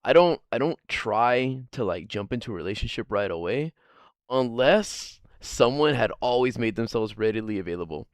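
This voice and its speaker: A man's voice: medium pitch, expressive, moderate pace, clean tone, no room sound, studio quality. Profane rambling man streaming. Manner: rambling, profane, laughs often. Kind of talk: casual stream chat.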